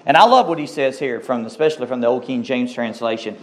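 A man preaching a sermon, emphatic and repetitive, slowing down to stress scripture and asking the congregation questions. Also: medium pitch. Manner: emphatic, repeats key phrases, asks the congregation questions; slows down to stress scripture quotes.

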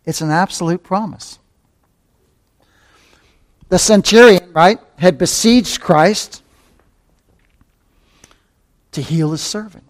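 Preaching slowly with long pauses, this pastor has a high-pitched voice. He calls the congregation beloved, asks rhetorical questions, and keeps repeating key phrases as he builds to fervent emphasis.

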